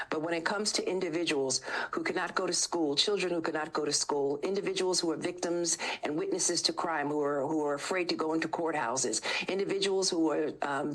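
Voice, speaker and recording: Low-voiced woman attorney general, formal. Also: fairly bright tone, low-quality recording. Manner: measured, formal, lists points with many ums. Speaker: state attorney general, interview guest. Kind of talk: televised news interview.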